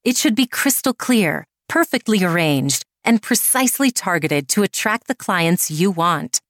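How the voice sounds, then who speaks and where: A woman's voice: lowish voice, animated, a little slow, no room sound, clean studio sound. A woman reading a scripted advertisement in a polished, upbeat way. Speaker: ad announcer. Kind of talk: scripted ad read.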